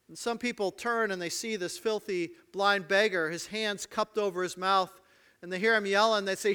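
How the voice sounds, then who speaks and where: A man preaching a sermon, retelling a story with dramatic swings between loud outbursts and hushed asides. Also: high-pitched, steady tone, moderate pace, clean tone. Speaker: pastor.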